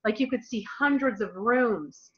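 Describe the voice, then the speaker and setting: A woman leading a motivational team call, telling her story in a gushing, excited way and talking straight to her listeners as "you guys.". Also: on the high side, a little slow, heavy background noise. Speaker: team leader. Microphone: phone or computer call. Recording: muffled lo-fi call audio.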